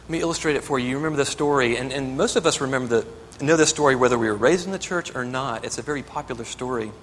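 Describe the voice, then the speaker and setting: A man's voice: medium pitch, quick pace, in a large hall, a little hiss or hum. A man preaching a sermon as pastor, earnest and building to emphatic exhortation.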